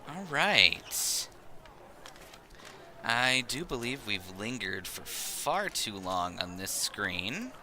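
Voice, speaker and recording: Playful man streaming a game, lively voice. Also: on the low side, extremely slow, slight background noise, low-quality recording. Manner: playful, joking. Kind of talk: casual game stream banter.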